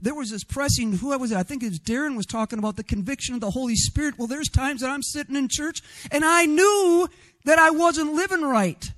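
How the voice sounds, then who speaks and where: A man preaches a sermon expressively, with an extremely high pitch and a brisk pace. He sometimes gets loud and often tacks a rhetorical, questioning "right?" onto his points.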